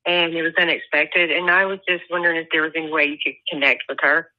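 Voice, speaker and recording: Brief: hesitant woman caller, low voice, muffled phone-line sound. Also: steady tone, fast talker. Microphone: telephone.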